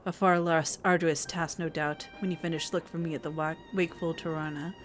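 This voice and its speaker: A woman's voice: sits low, little pitch movement, fairly quick, faint music behind, close to an everyday voice. A woman voicing an aloof male dragoon warrior in a fantasy game, speaking in a clipped, formal, dismissive way. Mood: dry.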